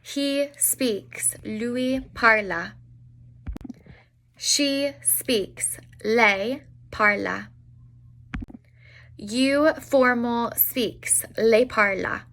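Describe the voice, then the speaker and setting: A young woman teaching an online language lesson, spelling out examples slowly with frequent fillers. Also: a little high, fairly bright tone, slight background noise. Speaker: Italian teacher.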